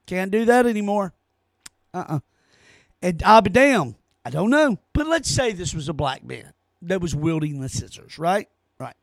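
A man's voice: high-pitched, very animated, normal speed, no echo, studio quality. A man hosting his own opinion podcast, ranting in an exasperated way straight to his listeners. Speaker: podcast host.

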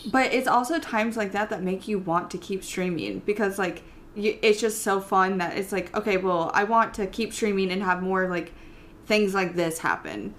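A woman's voice: medium pitch, expressive, moderate pace, a bit bright, a little hiss or hum. A young woman hosting a podcast, chatting casually, swearing freely and laughing easily. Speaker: podcast host. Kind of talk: casual chat.

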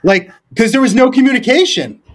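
A man's voice: very high voice, lively intonation, brisk. A man, a former Marine, talking as a podcast guest in a loose, rambling way, full of fillers, restarts and casual swearing. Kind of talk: casual storytelling conversation.

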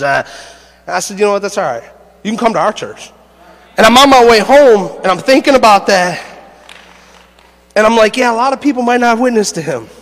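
A man preaching a sermon, an animated storyteller who laughs through his stories and builds to shouted preaching. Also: high voice, in a large hall. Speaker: pastor. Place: church sanctuary.

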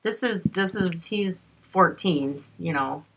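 A woman's voice: fairly low pitch, takes it slowly, vocal fry, noisy background. A middle-aged woman co-hosting a podcast in casual chat, chatty, laughing often and swearing freely. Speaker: podcast co-host.

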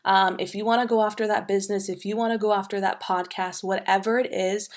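A woman's voice: mid-range voice, fairly even intonation, quick pace. Chatty woman in her twenties, podcast guest, bubbly and casual. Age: 20s. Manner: bubbly and chatty, many ums and you knows.

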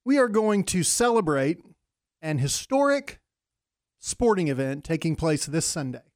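High-voiced, mock-formal radio regular. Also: male voice, big pitch swings, unhurried, no room sound, studio quality. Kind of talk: casual sports radio talk.

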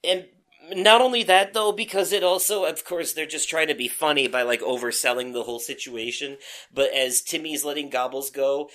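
A young man co-hosts a casual chat show. His voice is bright and sits a little high, and he tells stories with energy, acting out the quotes and swearing freely. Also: normal speed. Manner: animated storyteller, acts out quotes, swears freely. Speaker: podcast co-host.

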